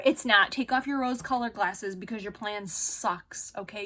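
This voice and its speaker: Bright-voiced woman in an angry rant. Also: mid-range voice, moderate pace, hardly any pauses. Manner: angry, swearing, sarcastic rant. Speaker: vlogger. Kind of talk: emotional venting vlog.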